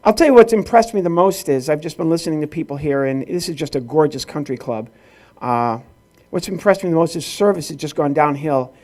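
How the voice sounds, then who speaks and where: A man's voice: fairly high pitch, lively intonation, brisk, a little mellow. A middle-aged man from the rural Midwest doing stand-up comedy at a corporate event, telling stories with acted-out dialogue. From rural Illinois, US Midwest.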